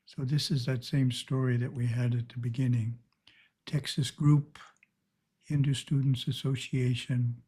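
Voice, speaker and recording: Mellow-voiced man teaching spiritual practice. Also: mid-range voice, husky. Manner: calm, measured, instructional.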